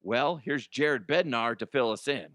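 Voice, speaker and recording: A man's voice: mid-range voice, animated, a little slow, a bit bright, no echo, studio quality. A man hosting a comedic sports news show, blunt and crude in his jokes. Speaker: host.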